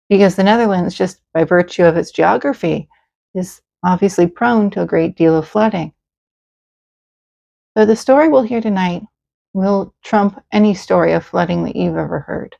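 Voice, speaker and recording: A woman hosting and narrating a calm bedtime story in a gentle, soothing way, over dull audio with faint music. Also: medium pitch, vocal fry. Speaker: host and narrator.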